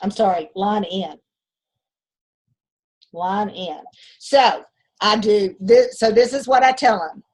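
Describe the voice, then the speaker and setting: A woman's voice: medium pitch, a little slow, darkish tone, breathy edge, low-quality recording. A woman beauty consultant teaching a group, chatty and emphatic, repeating phrases to drive them home. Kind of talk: instructional talk to a group.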